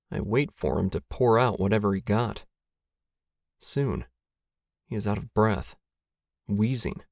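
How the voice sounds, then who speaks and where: Slow gravelly male storyteller. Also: lowish voice, a little mellow, no room sound, clean studio sound. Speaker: narrator. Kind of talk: first-person short story reading.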